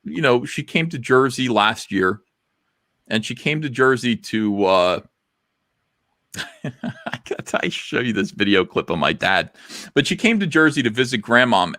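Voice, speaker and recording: A man's voice: mid-range voice, a bit bright, no echo, clean studio sound. A man hosting a casual livestream talk show, rambling through crude, self-mocking stories. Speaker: podcast host.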